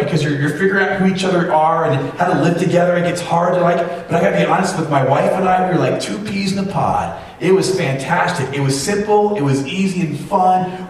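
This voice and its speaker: A man in his forties preaching a sermon, telling a family story with self-deprecating humor. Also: a little high. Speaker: pastor. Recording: very echoey hall, distant mic, faint noise.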